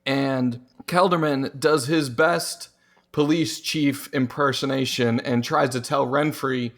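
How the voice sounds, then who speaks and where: A man's voice: medium pitch, slow. A man co-hosting a podcast, casually discussing a book and acting out lines from it as he retells it. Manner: animated retelling, acts out quotes. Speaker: podcast co-host.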